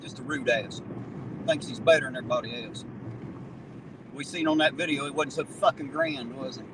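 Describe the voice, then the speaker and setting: A man's voice: fairly high pitch, fairly quick. A man hosting his channel, chatting casually and mockingly while he drives, swearing and laughing often. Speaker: channel host, auditor. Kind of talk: casual chat while driving. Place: inside a car. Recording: loud road noise in a moving car.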